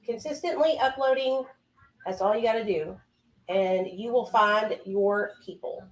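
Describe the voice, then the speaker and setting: A woman's voice: mid-range voice, measured pace. A woman chatting casually with her livestream viewers from home while doing her makeup, calling them honey and baby. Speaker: livestream host.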